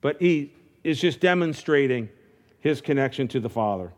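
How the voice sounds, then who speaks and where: A man's voice: medium pitch, animated, moderate pace, darkish tone. A man preaching a sermon in a conversational way, with frequent restarts, building to fervent calls. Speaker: pastor.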